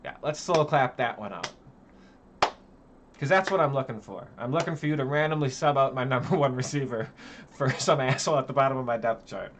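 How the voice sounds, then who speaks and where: A man's voice: mid-range voice, quick pace, a little hiss or hum. A young man ranting angrily about a video game, swearing constantly and turning sarcastic, one moment raising his voice and the next muttering. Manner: angry, swearing, sarcastic, swinging between shouting and muttering. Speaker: gaming channel host. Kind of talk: profane ranting commentary.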